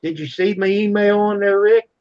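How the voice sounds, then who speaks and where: A man's voice: high voice, fairly even intonation, normal speed. A man who is a guest on a livestream, chatting casually in an easygoing way. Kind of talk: casual chat. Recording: dull lo-fi stream audio.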